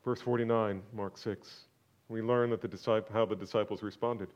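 A man preaching a sermon, swinging from loud, exclaiming questions to hushed, almost whispered lines. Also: lowish voice, steady tone, normal speed, muffled recording. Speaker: pastor.

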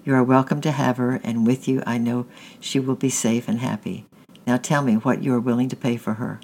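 Man reading scheming stepfather, nervous, placating, injured tone, gravelly, storybook. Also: medium pitch, flat delivery, fairly quick, darkish tone, a little hiss or hum, close to an everyday voice, poor audio. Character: nervous scheming male stepfather, middle-aged.

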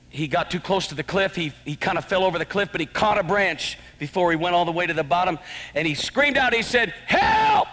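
A man preaching a sermon as pastor, impassioned, swinging between shouted exclamations and hushed, earnest passages. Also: fairly high pitch. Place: church sanctuary. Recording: long church hall reverb.

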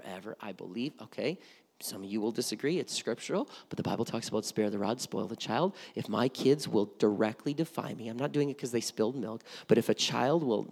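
A man's voice: medium pitch, gravelly, a little mellow. A middle-aged man preaching a sermon as pastor, conversational and often repeating words as he starts a thought. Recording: long reverb of a hall.

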